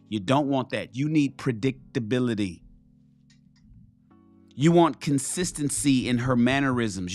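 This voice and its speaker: Blunt, profane man lecturing with emphasis. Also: medium pitch. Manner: emphatic, repeats key phrases for stress. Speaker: host giving dating advice to men. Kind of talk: blunt, profane motivational talk.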